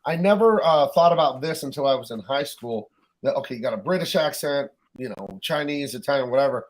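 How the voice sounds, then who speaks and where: A man from California with a standard American accent, speaking at a middle pitch. He chats inquisitively on a podcast, reading out viewer questions and following them up with his own. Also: expressive, brisk. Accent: General American. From California, USA. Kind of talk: casual chat.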